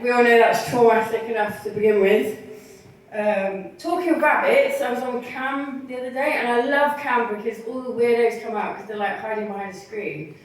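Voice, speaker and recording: A woman with a medium-pitched voice performs a bawdy stand-up set at a bar comedy night, laughing at her own jokes and acting out the people in her stories. The mic is heard from far off in an echoey bar, with slight background noise.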